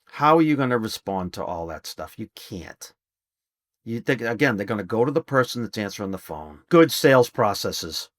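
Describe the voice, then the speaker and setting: A man's voice: on the low side, very animated, normal speed, dry recording. Middle-aged man, emphatic salesman-like delivery, casual podcast guest, dry close sound. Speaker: podcast guest, HVAC business trainer. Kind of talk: casual interview talk.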